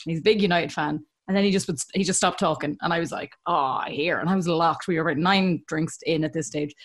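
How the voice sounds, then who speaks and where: A woman's voice: low-pitched, fairly even intonation, quick pace. A young Irish woman hosting a podcast, telling funny stories and laughing through them. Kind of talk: casual chat.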